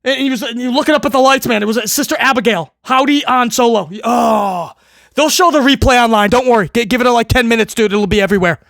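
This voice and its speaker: A man's voice: very high-pitched, very fast, gravelly, hardly any pauses, a bit bright, no room sound, exaggerated voice. A man putting on an overexcited young male wrestling fan who gushes and stammers breathlessly. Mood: giddy.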